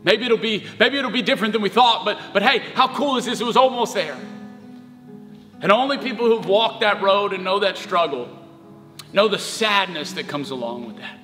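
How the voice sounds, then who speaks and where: A young pastor preaches in a high voice at a moderate pace, sharing a personal story earnestly and from the heart. The church sanctuary echoes, with soft music playing underneath.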